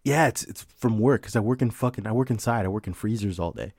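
A man's voice: lowish voice, quick pace, darkish tone, no echo, clean studio sound. A young man chatting casually on a podcast, telling rambling, profane stories and laughing often. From Mexican heritage. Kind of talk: casual chat.

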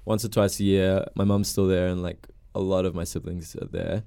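A young man from Australia with a mild Australian accent, a podcast guest talking in a relaxed, hesitant way with many fillers. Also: low-pitched, fairly quick, vocal fry, smooth, dry recording, studio quality. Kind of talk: casual chat.

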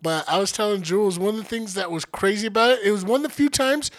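A man's voice: high voice, fast talker. A young man co-hosting a podcast, joking and teasing his sister in dry banter. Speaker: podcast co-host. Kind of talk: casual podcast chat.

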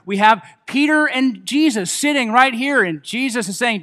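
A pastor preaching a sermon to his church, a man with a high, bright voice. He talks in a loose, casual way, full of fillers and restarts, and pokes fun at himself as he goes. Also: expressive, moderate pace. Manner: casual, self-deprecating preaching with many fillers.

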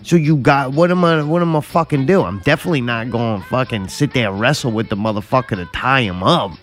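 A man's voice: mid-range voice, quick pace, faint music behind. A man co-hosting a casual chat, blunt, profane and drawling as he spins a story.

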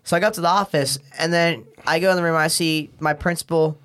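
A man's voice: fairly high pitch, fairly even intonation, fast talker, fairly bright tone, smooth. A young man, a teenager, telling a school story in casual podcast chat, slangy and profane. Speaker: podcast guest.

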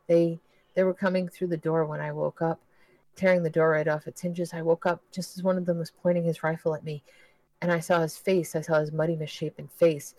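A man voicing a haunted male war veteran who sees visions, speaking in a hushed, desperate way. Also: fairly high pitch, flat delivery, brisk, no echo, close to an everyday voice, poor audio.

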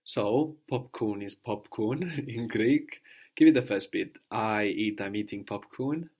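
A man's voice: lowish voice, slow pace, a little mellow, husky. A man giving a patient one-to-one language lesson, prompting his student with questions and repeating the answers. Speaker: language teacher.

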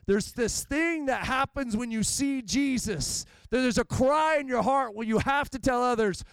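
A man's voice: extremely high pitch, normal speed, few pauses, clean tone, no echo. A man preaching a sermon in a church, telling stories and acting out the quotes of the people in them. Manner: preaching with rising intensity, acts out quotes. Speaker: pastor.

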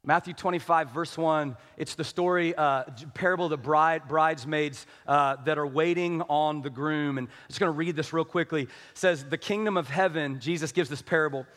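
A man's voice: a little high, normal speed, hardly any pauses, fairly bright tone, big-room sound. A middle-aged male pastor preaching an impassioned, conversational sermon full of rhetorical questions to his church. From small-town upbringing.

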